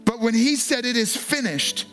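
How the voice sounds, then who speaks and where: A man preaching a sermon as a pastor, earnest and emphatic, slowing down to stress key phrases. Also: very high-pitched, pushed and bright, soft background music.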